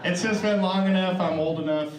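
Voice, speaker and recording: A man's voice: sits high, steady tone, fairly quick, recorded from a distance, noisy background. A middle-aged man doing a profane, chatty stand-up comedy set with crowd work, on a club stage mic. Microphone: stage microphone. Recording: roomy live stage recording. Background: audience laughter.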